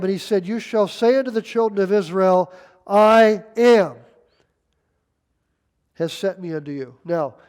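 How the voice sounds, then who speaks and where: A man's voice: a little high, dark tone, smooth. A man preaching a sermon, emphatic and folksy, reading scripture aloud. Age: 60s. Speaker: pastor.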